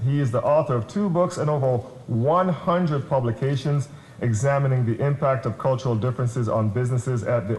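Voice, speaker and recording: A man emcees a conference from the podium and jokes with the crowd as he introduces the keynote speaker. His voice sits at an ordinary middle pitch. The sound carries the echo of a large room. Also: darkish tone. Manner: joking, teasing the audience. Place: conference hall. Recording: roomy conference hall.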